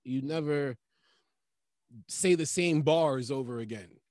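Comedian guy on a podcast, kinda high voice, swears a lot, dry close mic. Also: slow, no room sound. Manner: loose, profane, animated storytelling. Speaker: stand-up comedian guest. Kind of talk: casual podcast chat.

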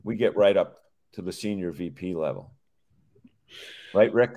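Low-voiced joking male co-host. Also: expressive, a little slow, gravelly, warm tone. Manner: joking, rambling with restarts. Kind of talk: casual chat.

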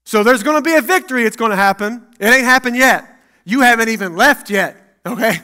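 A man preaching a sermon as pastor in a church, acting out Bible dialogue and swinging between loud and hushed. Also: extremely high pitch, brisk.

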